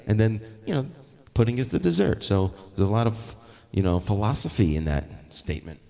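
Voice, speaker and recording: A man's voice: fairly low pitch, expressive, fairly quick, mellow. A male musician chatting casually and rambling between songs on a livestream while taking requests. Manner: rambling, offhand. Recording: long reverb, faint guitar behind.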